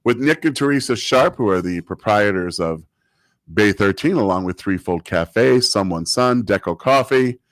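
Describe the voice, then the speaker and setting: Low-voiced guy cracking jokes in a casual chat, dry close sound. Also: expressive, moderate pace, fairly bright tone, no room sound. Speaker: chamber of commerce guest.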